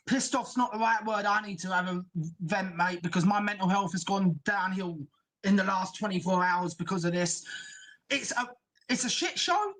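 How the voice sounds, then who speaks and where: Furious man venting, high voice. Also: fairly even intonation, moderate pace, a bit bright, rough recording. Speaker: caller. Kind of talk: angry rant on a call-in show.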